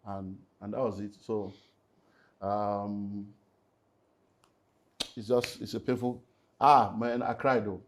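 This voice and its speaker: There's slight background noise as a middle-aged Nigerian pastor and relationship speaker delivers an emotional personal testimony in an interview. His voice sits on the low side and he speaks slowly with long pauses, yet tells it with liveliness, slipping into Nigerian Pidgin and alternating loud and hushed moments.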